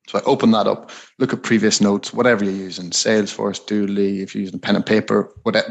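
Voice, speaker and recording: A man co-hosting a podcast, giving sales advice in a relaxed, rambling, conversational way. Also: on the low side, creaky. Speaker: podcast co-host.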